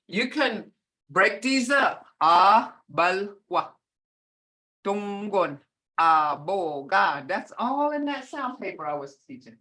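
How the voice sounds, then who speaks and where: A woman's voice: medium pitch, bright, forceful tone, low-quality recording. An older woman teaching a beginner language class over a video call, patiently repeating words to model their tones.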